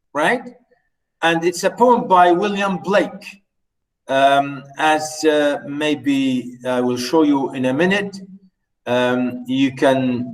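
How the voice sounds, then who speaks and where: A man's voice: on the high side, rough recording. A man giving an unscripted poetry lecture to students, hesitating often, with many fillers and restarts, and checking in with his listeners.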